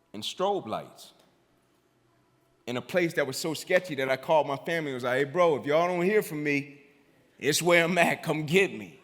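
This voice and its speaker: Man, motivational keynote speaker, high bright voice, preacherly, echoing in a big hall. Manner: preacherly, repeats lines for emphasis, asks "right?" of the crowd. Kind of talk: keynote speech. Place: large hall. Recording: hall reverb.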